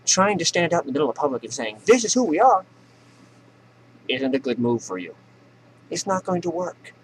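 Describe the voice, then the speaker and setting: A man's voice: medium pitch, animated, fairly quick, a little hiss or hum, low-quality recording. A man hosting a comedy news show, ranting sarcastically and profanely and laughing at his own jokes.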